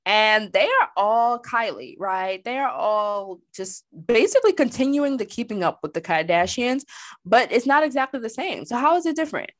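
A woman co-hosting a casual entertainment chat show, sassy and animated with colloquial talk. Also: on the high side, normal speed, dry recording. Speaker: co-host.

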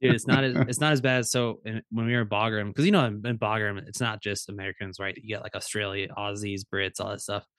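A man's voice: fairly low pitch, fairly even intonation, quick pace, few pauses, fairly bright tone, no echo, clean studio sound. A man in a casual podcast chat, laid-back and laughing often as he tells stories, swearing casually.

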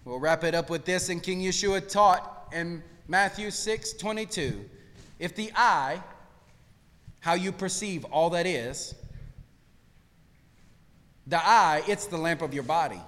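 A male pastor preaching a sermon, swinging between hushed lines and shouted peaks. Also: a little high, takes it slowly, pauses often, big-room sound. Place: church sanctuary.

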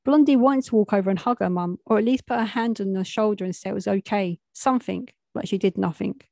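A woman's voice: mid-range voice, quick pace, vocal fry, mellow, no room sound. A young adult woman, telling a street story in a plain, matter-of-fact way with street slang.

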